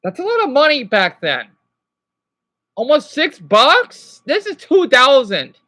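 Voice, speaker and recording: A woman's voice: high voice, huge pitch swings, unhurried, pushed and bright, no room sound. A woman in her thirties chatting casually on a live stream, reacting to a video and greeting viewers by name. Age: 30s.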